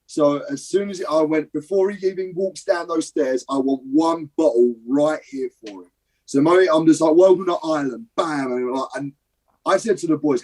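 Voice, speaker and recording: Young man from britain, interview guest, animated storyteller, casual swearing, slightly high voice. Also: low-quality recording. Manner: lively, swears casually, acts out scenes. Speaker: guest, professional wrestler. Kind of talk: animated anecdote telling.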